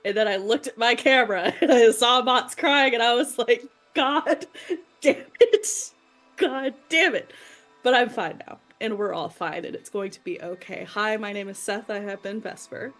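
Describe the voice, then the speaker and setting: A woman's voice: medium pitch, normal speed, few pauses, fairly bright tone. A player giving a candid, emotional farewell at the end of a tabletop campaign, joking at her own expense. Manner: candid, self-deprecating, emotional. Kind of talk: emotional outro chat.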